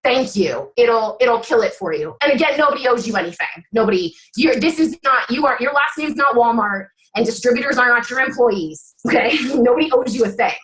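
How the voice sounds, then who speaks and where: Fired-up high-voiced woman coaching sales. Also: expressive, brisk, hardly any pauses, a bit bright, poor audio. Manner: fired-up, emphatic, blunt. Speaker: guest speaker on a sales coaching call. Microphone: video call.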